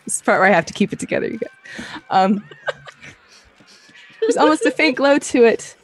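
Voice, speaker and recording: A woman's voice: fairly high pitch, lively intonation, brisk, breathy edge. Young woman narrating as game master. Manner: loose, filler-heavy narration.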